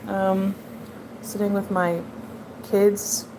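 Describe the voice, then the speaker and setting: A woman's voice: medium pitch, little pitch movement, very slow, background noise. A woman showing her art journal in a casual, rambling vlog, chatty and self-amused. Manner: chatty, rambling, laughing at herself. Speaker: artist and video maker. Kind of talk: casual show-and-tell vlog.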